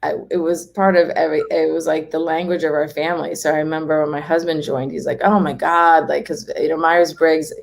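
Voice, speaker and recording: Chatty lady guest, lowish voice, keeps laughing and doing little voices for people. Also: level tone, brisk, creaky, few pauses. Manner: chatty, laughs often, acts out quoted people. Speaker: home organizing guest. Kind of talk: casual interview chat.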